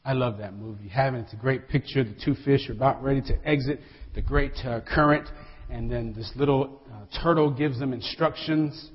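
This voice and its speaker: A man's voice: medium pitch, fairly quick, slightly rough. A man preaching a sermon as a pastor. He speaks with animation, addresses the congregation directly and acts out the quotes. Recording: dull audio with long hall reverb.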